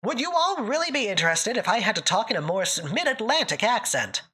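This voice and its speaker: A woman's voice: on the high side, sing-song, brisk, pushed and bright, breathy edge. A woman with a Boston accent chatting casually on a live stream, giggly and talkative, with a slight lisp on her S sounds.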